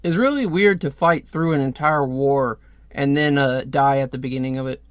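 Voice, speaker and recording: A man's voice: medium pitch, normal speed, clear, resonant tone, no echo. A young man reviewing a comic book in a casual, rambling way, with lots of fillers and asides.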